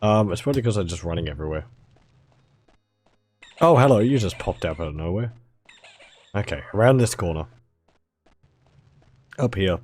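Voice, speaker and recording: A man with a mild Australian accent and a hoarse, fading voice, chatting casually to viewers while streaming a video game. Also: low voice, lively intonation, moderate pace, pauses often, a little mellow, faint music behind. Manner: chatty, rambling, talks to chat viewers.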